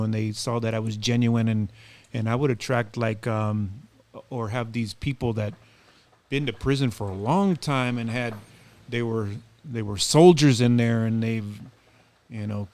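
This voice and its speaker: Animated male storyteller on a podcast. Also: medium pitch. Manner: animated, acts out quoted dialogue, loose with fillers. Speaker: podcast guest, community activist. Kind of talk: casual storytelling.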